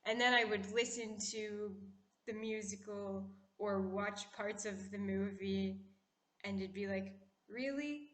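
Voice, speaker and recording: A woman vlogger chatting casually, putting on a poised, classy-sounding voice and talking in an opinionated, animated way. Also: mid-range voice, measured pace. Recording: echoey room.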